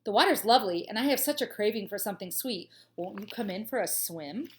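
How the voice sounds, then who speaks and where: A woman reading aloud puts on a smooth-talking crocodile who craves sweets. He coaxes in a sugary tone. It is a children's storybook voice. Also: mid-range voice, lively intonation, fast talker, lightly acted. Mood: coaxing. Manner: coaxing, sugary invitation.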